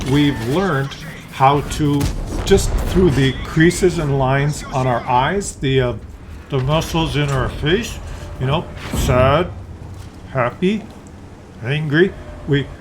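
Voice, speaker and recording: A man's voice: a little high, noisy background. Rambling male YouTube commentator. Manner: rambling and conversational, with hesitant fillers and restarts; drops into brief acted voices for examples. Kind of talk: casual video commentary.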